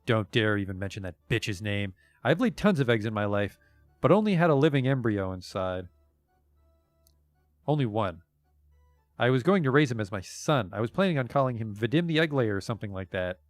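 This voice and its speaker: A man's voice: on the low side, big pitch swings, fairly quick, no echo, soft background music. A man voicing an odd, plaintive young woman who lays eggs, reading from a game stream. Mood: bitter. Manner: sing-song rhymes turning to bitter grief.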